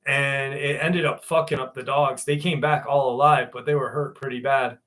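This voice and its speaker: A man's voice: medium pitch, little pitch movement, normal speed, fairly bright tone. A man hosting a casual live stream, reading viewer messages aloud and chatting back in a loose, rambling way.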